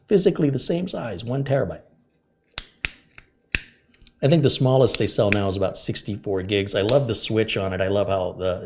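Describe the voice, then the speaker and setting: Low-voiced guy on a tech livestream, friendly, walks viewers through fixes, bit of faint noise behind. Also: darkish tone. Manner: friendly, chatty, explains step by step. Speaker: tech channel host. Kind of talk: live-stream chat, answering viewer questions.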